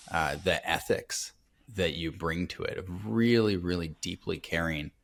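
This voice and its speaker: A man hosting a podcast, asking questions in an earnest, halting way with many restarts. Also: sits low, fairly bright tone. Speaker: podcast host. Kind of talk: podcast interview.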